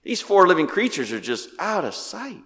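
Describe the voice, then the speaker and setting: A male pastor preaching a sermon with animated delivery, firing off rhetorical questions and swinging between loud and hushed. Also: high-pitched, moderate pace, in a large hall.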